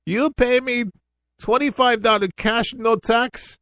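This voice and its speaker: Man putting on an Indian-accented shopkeeper, much higher than his own voice, dry, pushy upsell. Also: steady tone, slow, bright, forceful tone, no echo, heavily acted. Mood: wheedling. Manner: wheedling, broken-English sales pitch. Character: male shop clerk pushing pricey water.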